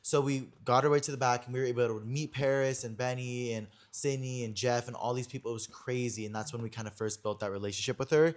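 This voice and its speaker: Young male podcast host, chatty gossip tone, mid-pitched voice, casual storytelling. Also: fast talker, few pauses. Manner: gossipy, animated storytelling with many "like" fillers. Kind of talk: casual chat.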